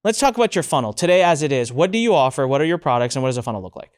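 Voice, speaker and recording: A man hosting a podcast, energetic and upbeat, interviewing a guest and speaking directly to his listeners. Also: medium pitch, very fast, heavy background noise. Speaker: podcast host.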